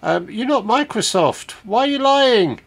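High, gravelly man needling a scammer. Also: lively intonation, a little slow, fairly bright tone. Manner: dry, mocking, patient needling. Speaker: scam-baiting caller. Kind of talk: phone prank call with voice-over intro.

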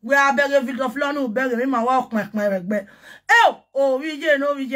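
Husky high-ish nigerian pidgin woman on a livestream, loud and excitable, keeps chanting sing-song syllables. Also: brisk. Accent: Nigerian Pidgin English. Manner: excitable, breaks into chanted nonsense syllables and laughter. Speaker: social media personality. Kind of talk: casual livestream rant.

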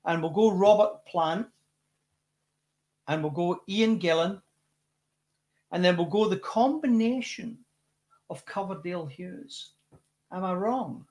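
A Scottish man with a high, bright speaking voice talks as a guest in a casual interview. He is a rock singer and spins lively anecdotes, tripping over restarts and repeating words as he goes. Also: slow pace, pauses often. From Scotland.

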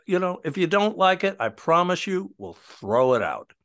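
A man imitating a calm, deep-voiced producer. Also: normal speed. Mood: coaxing. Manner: soft, coaxing, never raised.

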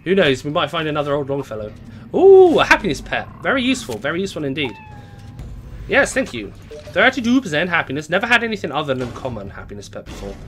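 A man's voice: a little high, sing-song, fast talker, a bit bright, a little hiss or hum. A young man casually commenting while he plays a game on a live stream, rambling and chatting to viewers. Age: young adult. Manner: rambling, chatty, reads out chat.

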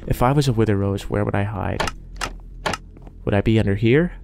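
A man's voice: fairly low pitch, normal speed, creaky, background noise. A man giving live gameplay commentary, jittery and talking himself through each scare. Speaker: gaming YouTuber.

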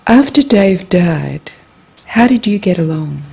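A woman interviewer with a very breathy, husky voice, low in pitch and mellow in tone. She asks short, calm questions. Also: slow.

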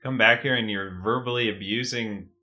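A man's voice: fairly low pitch, fairly even intonation, moderate pace, dull audio. A man co-hosting a podcast in casual chat, earnest and playfully exasperated. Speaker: podcast co-host.

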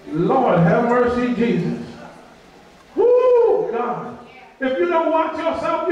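A male pastor preaching a sermon, mimicking complaining voices and answering his own questions. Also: very high voice. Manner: preaching with call-and-response fillers and mimicked whining. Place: church sanctuary. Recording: echoey church hall from far off.

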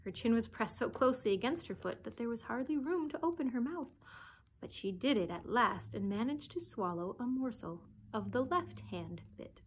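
A children's librarian reading a storybook aloud for children, with expressive storytelling. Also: female voice, fairly high pitch, normal speed, a little hiss or hum, poor audio.

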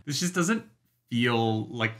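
A man's voice: mid-range voice, big pitch swings, slow pace, fairly bright tone, slight background noise. A man hosting a casual reaction video, chatty and joking with his co-host.

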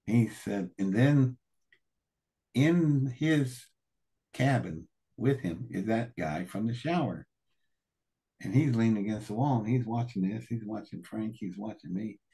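A man's voice: lowish voice, animated, a little slow, warm tone, slightly rough. A man as an interview guest telling a colorful, profane story, acting out the other people's voices.

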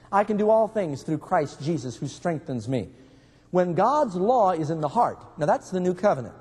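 Pastor, male, slightly high husky voice, preaching and quizzing his flock, long hall reverb. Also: a little mellow. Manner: storytelling preacher, asks the congregation questions. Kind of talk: sermon. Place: church hall.

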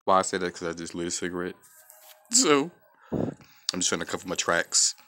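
Lively-pitched foul-mouthed gamer man. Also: moderate pace. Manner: profane, trash-talking, reacts loudly to the game. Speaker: gaming channel host. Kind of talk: live gameplay commentary. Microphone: off-camera voice-only mic.

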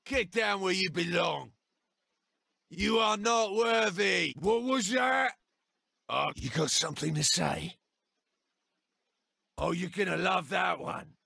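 Cocky british game boss, crude taunts, high gravelly voice, drawn out and slow. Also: male voice, pushed and bright, dry recording, studio quality, heavily acted. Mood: taunting. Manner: mocking, crude, swaggering taunts. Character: cocky brash British male gang-boss president. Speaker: player character taunting. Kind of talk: video game voice acting.

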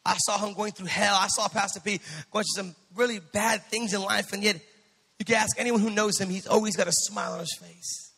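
Brief: male preacher, very high gravelly voice, fiery sermon with shouted peaks, church reverb. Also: fairly even intonation, a little fast. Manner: impassioned preaching that builds to shouted climaxes, with quips to the congregation. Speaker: pastor. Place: church sanctuary.

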